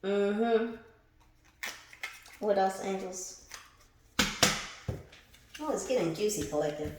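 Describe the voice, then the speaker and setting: Slow-talking tarot reader woman, echoey room. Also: medium pitch, noisy background. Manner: animated and laughing, swears freely, addresses viewers as collective. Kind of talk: casual spiritual reading.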